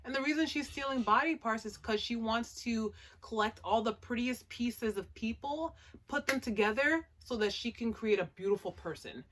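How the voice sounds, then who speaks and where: A woman casually recapping an anime episode, chatty and animated, with lots of "like" and laughing asides. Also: a little high, moderate pace, noisy background. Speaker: anime reviewer.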